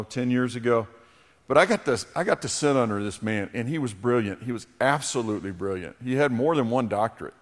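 A middle-aged man preaches from the pulpit at a mid-range pitch, moving between a told anecdote and a spoken prayer. His voice carries a long reverb from the church hall around him. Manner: storytelling, then leading a prayer. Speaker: pastor. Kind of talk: sermon. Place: church sanctuary.

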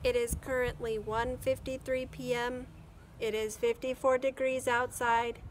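A woman reading a children's story aloud, voicing a polite talking robot with a calm, even, precise delivery. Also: on the high side, unhurried, background noise, lightly acted.

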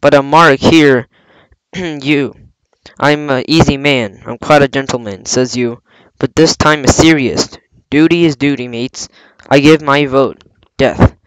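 A man's voice: medium pitch, a little slow, clean tone, no room sound, close to an everyday voice, rough recording. A man reading aloud, voicing a scheming older pirate cook with a coaxing, blustering sailor manner. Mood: scornful.

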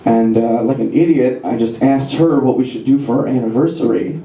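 A male comedian with a warm, mid-range voice does a wry, self-deprecating set on a comedy club stage, throwing in quick voices for the jokes. Faint music plays behind him, and the echoey club carries the live audience's laughter.

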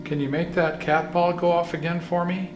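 Hushed ghost-hunting man calling out. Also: a little high, little pitch movement, normal speed, music in the background. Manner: hushed, often whispering, calling out to spirits. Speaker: paranormal investigator. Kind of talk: ghost hunting vlog commentary. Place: cold dark basement of an old hospital.

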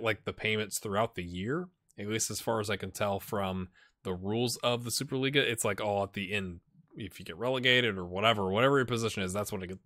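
A man's voice: lowish voice, a bit bright, dry recording, clean studio sound. A man hosting a let's-play video, chatting casually and joking to himself while he plays a football management game. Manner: chatty, self-mocking, jokes and muttered asides. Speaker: gaming channel host.

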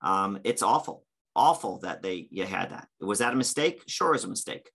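Male panelist with a forceful, bright voice. Earnest, impassioned, halting. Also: fairly low pitch, lively intonation, creaky, husky. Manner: earnest, impassioned, hesitant with fillers. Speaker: panelist, campus religious director. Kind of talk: panel discussion.

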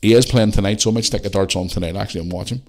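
A man's voice: lowish voice, rapid-fire, darkish tone. A man hosting a casual solo podcast, chatting in a rambling way and swearing freely. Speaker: podcast host.

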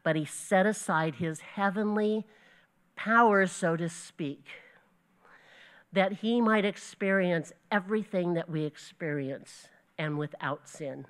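Woman, lowish voice, Bible study teacher, earnest storytelling, self-correcting slips. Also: measured pace, clear, resonant tone. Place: church gathering.

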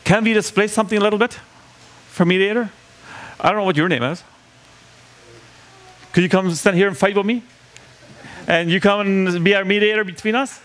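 Preacher, man, fairly high voice, conversational sermon delivery, acts out the quotes. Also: a little fast, pauses often, fairly bright tone. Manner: conversational, asks the audience questions, acts out quoted lines.

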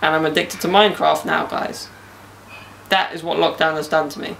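Gravelly young man, joking. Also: on the high side, steady tone, normal speed, a bit bright, a little hiss or hum. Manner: joking banter with slang. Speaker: podcast host. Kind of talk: casual podcast chat. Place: outdoors in a garden.

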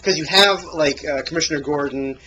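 A man's voice: a little high, brisk, lo-fi sound, over a noisy crowd. A man co-hosting a casual movie podcast, rambling with lots of fillers and restarts. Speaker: podcast co-host.

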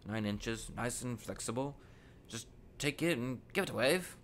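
A man voicing an eerie old wandmaker in a read-aloud storybook, lifting his voice a little above his own and lingering over every word. The old man sounds precise and quietly uncanny, with a faint hiss of noise behind him. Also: mid-range voice, lively intonation, measured pace. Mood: coaxing.

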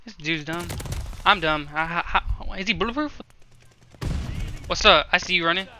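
A young man giving casual gameplay commentary, swearing and yelling at other players, then joking about himself. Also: sits high, normal speed. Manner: loud outbursts, swearing, self-mocking jokes. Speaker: gaming streamer.

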